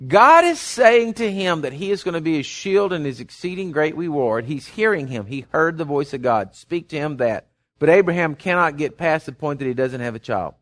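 An older pastor preaches into a stage mic in a church, his voice a bit strained and pitched somewhat high. He talks in a folksy, homey way and breaks out in loud calls now and then. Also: lively intonation, moderate pace. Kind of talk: sermon. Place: church sanctuary with monitors and reverb.

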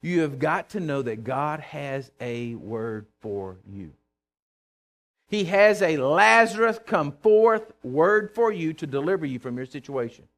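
A middle-aged preacher with a notably high voice. He delivers a fervent sermon and keeps calling on his congregation to respond. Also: animated, a little slow, fairly bright tone. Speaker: pastor.

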